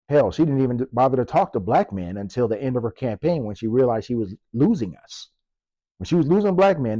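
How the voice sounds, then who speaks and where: A man's voice: mid-range voice, dark tone, no echo. A man who works as a police officer, giving impassioned political commentary with punchy rhetorical questions and sarcasm.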